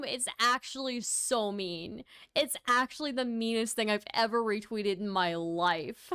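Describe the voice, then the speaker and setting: A woman's voice: on the high side, moderate pace, fairly bright tone, clean tone, no echo, studio quality. A woman hosting a livestream in casual chat, wry and tired, laughing at her own jokes and thanking viewers for donations. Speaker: livestream host.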